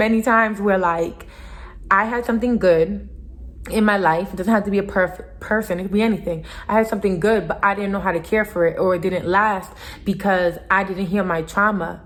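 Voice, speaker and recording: A young adult woman giving an earnest, casual motivational talk to camera as a vlogger, repeating her points for emphasis. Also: medium pitch. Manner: earnest, repetitive, emphatic with little laughs.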